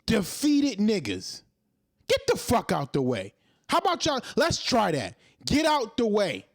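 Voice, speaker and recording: A man in his thirties rants straight into the mic, firing off profane rhetorical questions. His pitch swings widely as he heats up, and the sound is dry with no room echo. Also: wildly swooping pitch, unhurried, vocal fry. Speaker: commentary host. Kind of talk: ranting monologue.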